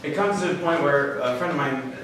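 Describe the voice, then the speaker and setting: A man telling a comic personal story at a live story slam, halting and full of fillers, with a wry, self-mocking manner. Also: fairly high pitch, a crowd in the background. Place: small live venue with an audience. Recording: echoey room, mic far off, faint hiss.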